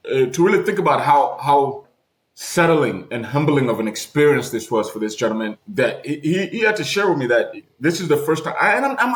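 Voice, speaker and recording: Emphatic man host in a roomy space. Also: medium pitch. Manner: incredulous, emphatic, blunt. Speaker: host, channel owner. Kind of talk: interview and commentary video.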